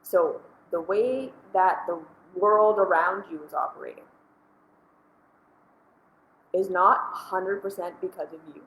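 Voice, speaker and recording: A woman's voice: fairly low pitch, a bit bright, echoey room, poor audio. A woman hosting a casual spoken commentary, earnest and conversational, often dropping "like" between thoughts. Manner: earnest, conversational, frequent "like" fillers. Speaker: host.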